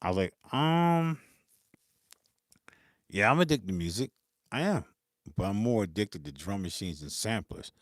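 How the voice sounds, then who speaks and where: A man's voice: fairly low pitch, animated, measured pace, long pauses, no echo, clean studio sound. A man, ranting unscripted to camera about music gear, swearing freely, laughing and mimicking his critics. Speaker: beatmaker hosting his channel.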